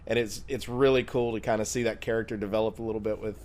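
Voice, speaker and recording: Relaxed, low-voiced man podcast co-host. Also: fast. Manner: relaxed, teasing, uses fillers. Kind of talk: casual gaming podcast chat.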